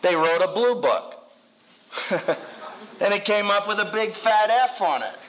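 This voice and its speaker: A man's voice: a little slow, highs cut off. A man, a seminary professor, teaching from the Bible with wry humor, acting out quotes with big swings in his voice. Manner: animated storyteller who acts out quotes with big pitch jumps. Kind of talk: lively Bible teaching to an audience.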